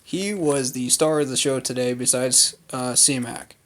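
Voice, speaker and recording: Slow-talking male fan reviewer. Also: mid-range voice, a bit bright. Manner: unscripted, many fillers, opinionated. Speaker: fan commentator. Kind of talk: casual recap vlog.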